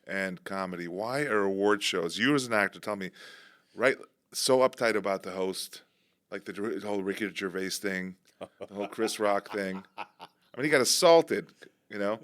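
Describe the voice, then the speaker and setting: Joking low-voiced podcast host. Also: male voice, moderate pace, a bit bright. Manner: joking, asks many questions. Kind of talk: casual chat.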